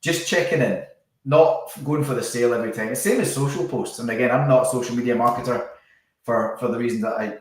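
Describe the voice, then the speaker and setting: A man, a business founder talking casually as a podcast guest, chatty and quick to laugh. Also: mid-range voice. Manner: chatty, laughs easily, trips over words. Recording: echoey room, far from the mic.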